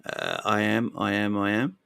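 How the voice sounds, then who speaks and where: A man's voice: lowish voice, huge pitch swings, normal speed, vocal fry, bright, forceful tone. A young man with a London East End accent, hosting a football live stream and chatting back to his viewers, repeating phrases and tagging lines with "man" and "yeah". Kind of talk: casual live-stream chat.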